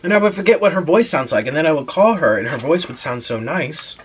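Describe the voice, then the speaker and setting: A man in his twenties telling a casual story on camera while he eats, pausing to savour his food. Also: a little high, a little hiss or hum. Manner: animated storyteller, pauses to eat and savour food. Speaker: mukbang vlogger.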